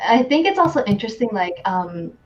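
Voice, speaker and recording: A woman in a casual group chat, animated in her delivery, on a distant, dull-sounding mic. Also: fairly high pitch, brisk.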